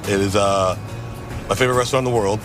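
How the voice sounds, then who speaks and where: Man, enthusiastic tour guide, lowish voice, clear music bed in a played clip. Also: steady tone, fast talker. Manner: enthusiastic, casual. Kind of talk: travel segment narration.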